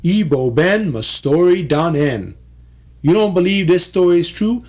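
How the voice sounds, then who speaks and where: A man's voice: high-pitched, animated, a little slow, darkish tone. A man telling a folk tale aloud, in a rhythmic dialect with lots of repetition. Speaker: storyteller.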